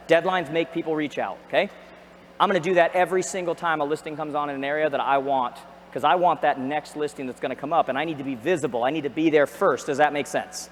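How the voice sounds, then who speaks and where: High-pitched guy giving a jokey pumped-up seminar, long echo like a big arena. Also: quick pace. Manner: energetic, asks the audience questions, jokey. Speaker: real estate trainer. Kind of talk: motivational seminar talk. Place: large arena. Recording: echoey arena with long reverb.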